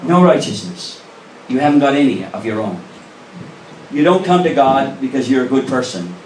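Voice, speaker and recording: A man's voice: mid-range voice, big pitch swings, normal speed, darkish tone, a little hiss or hum. A male pastor preaching a sermon in a church, earnest and emphatic, pressing the congregation with direct questions. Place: church sanctuary. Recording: roomy echo, voice from a distance.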